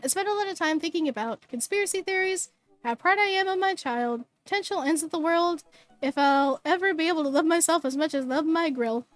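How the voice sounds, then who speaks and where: A woman's voice: extremely high pitch, a little fast, no room sound, soft background music. A young adult woman streaming a video game, chatting casually and reading game text aloud. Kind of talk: casual live game commentary.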